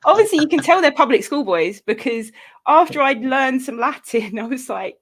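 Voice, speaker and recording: A woman chatting as a guest, animated and quick to laugh, often acting out scenes she describes. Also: high voice. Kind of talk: casual chat.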